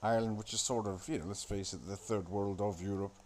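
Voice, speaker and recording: A man with a lowish voice talks a little fast in a steady tone while watching a film. His running commentary is rambling, improvised, sardonic and full of crude profanity.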